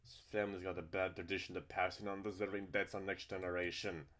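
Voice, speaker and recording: A man with a deep voice reads the lines of a middle-aged uncle eaten up by guilt and self-loathing, whose outbursts are anguished and self-pitying. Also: little pitch movement, quick pace, a bit bright. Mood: bitter.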